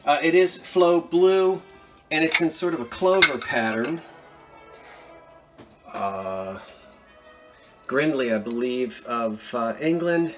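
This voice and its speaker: Brief: excitable male antiques dealer, chatty show-and-tell, faint music under. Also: on the high side, slow pace, pauses often. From Philadelphia area. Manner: animated, enthusiastic, chatty asides. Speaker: antiques seller showing a thrift haul. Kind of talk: casual show-and-tell vlog.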